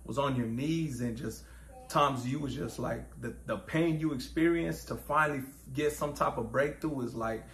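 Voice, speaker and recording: Earnest, reflective man, mid-pitched voice. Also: normal speed, a bit bright, slight background noise. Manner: reflective, earnest, restarts his sentences. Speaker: guest. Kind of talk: casual conversation. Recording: echoey room with faint ambience.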